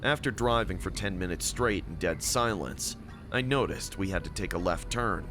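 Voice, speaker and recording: A man reading a scripted first-person story in a steady, measured way. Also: deep voice. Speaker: story narrator. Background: music.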